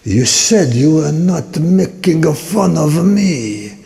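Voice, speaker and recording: A man voicing a touchy foreign male dance competitor who speaks in stiff, halting phrases. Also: fairly high pitch, sing-song, creaky, warm tone, pitched above the performer's own voice, exaggerated voice. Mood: indignant. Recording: echoey hall.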